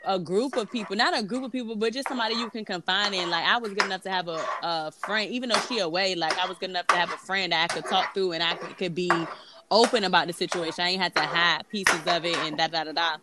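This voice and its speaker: A woman's voice: on the low side, fairly even intonation, fast talker. A woman talking candidly in a casual chat about new motherhood, dropping words as she talks. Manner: candid, conversational, drops verbs. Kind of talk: casual chat among moms. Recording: background noise.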